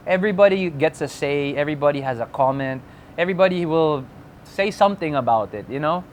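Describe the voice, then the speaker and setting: Soft-spoken young man, faint hiss. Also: a little high, fairly quick. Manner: relaxed, mixes English and Filipino, acts out quoted voices. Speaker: interview guest. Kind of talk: candid conversational interview.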